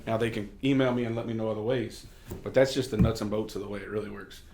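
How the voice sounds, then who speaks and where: A fast-talking man from Kentucky with a somewhat low voice, speaking candidly in a relaxed sit-down conversation. He tells stories freely and drops the odd curse word. The room is echoey. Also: noisy background. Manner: candid, storytelling, occasional cursing. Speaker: state representative.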